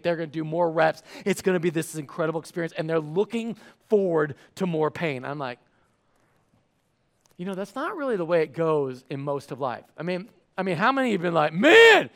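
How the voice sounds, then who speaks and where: A man's voice: a little high, brisk. A man preaching a sermon, telling a funny everyday story and acting out the voices in it. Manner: animated, acts out voices. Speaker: pastor.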